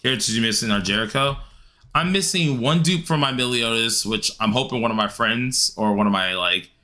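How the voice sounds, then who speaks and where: A man streaming a game live, chatting casually with viewers and grumbling loudly at the game in an excitable way. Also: mid-range voice, a little fast. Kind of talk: live-stream gameplay commentary answering chat.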